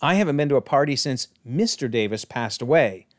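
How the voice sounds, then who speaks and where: A man voicing a fussy elderly woman neighbor, polite and prim, in a fluttery falsetto. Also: animated, a little fast, no echo, clean studio sound, lightly acted.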